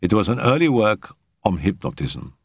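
Deep-voiced expressive male storyteller. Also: moderate pace, creaky, breathy edge, no room sound, studio quality. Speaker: audiobook narrator. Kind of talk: first-person storytelling narration.

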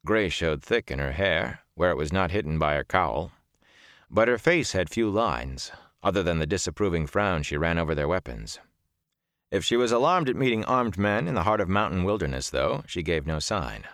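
A man narrating a fantasy audiobook in a measured, steady storytelling manner. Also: low voice, no room sound, studio quality.

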